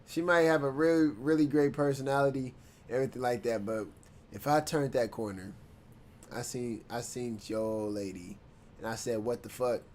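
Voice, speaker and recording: A man's voice: mid-range voice, steady tone, normal speed, darkish tone. A male streamer host talking casually and laughing along, signing off his stream. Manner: laid-back, laughs often, slangy. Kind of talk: casual live-stream chat.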